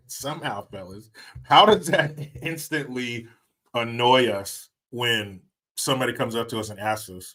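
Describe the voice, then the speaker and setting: On his laid-back live stream, a middle-aged host speaks in an unhurried, mid-range voice that's bright and forward. He banters with viewers, cracks jokes, laughs often and doesn't hold back on swearing.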